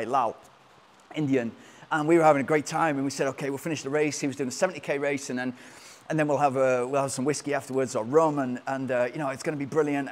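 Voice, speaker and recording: A man, a running coach, telling a long travel story in a casual, rambling way, often restarting his sentences. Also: a little high. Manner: rambling and animated, with frequent restarts.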